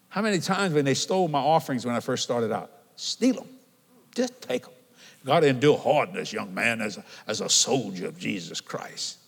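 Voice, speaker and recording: A man's voice: medium pitch, moderate pace, gravelly, long pauses, breathy edge. An older man preaching a sermon, telling stories animatedly and asking the congregation questions. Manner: animated storytelling, calls and responses with the congregation. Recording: long hall reverb.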